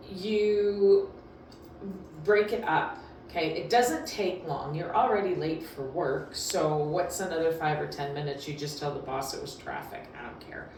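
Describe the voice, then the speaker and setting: A woman's voice: lowish voice, a little hiss or hum. A woman dog trainer giving casual, emphatic instructions in a chatty, repetitive way. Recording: very echoey room, distant mic.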